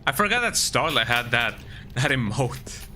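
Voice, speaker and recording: Male game streamer, sick with a cold, easygoing chatter, very bright voice. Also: medium pitch, sing-song, moderate pace, a little hiss or hum. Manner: laid-back chatter, tags lines with "eh?". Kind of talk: casual game commentary.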